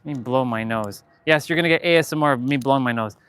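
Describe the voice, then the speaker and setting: A man's voice: mid-range voice, fast talker, noisy background. A man chatting casually in a summer park during his fitness vlog, laughing and shooing bugs away. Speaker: fitness vlogger. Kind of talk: casual outdoor vlog chat.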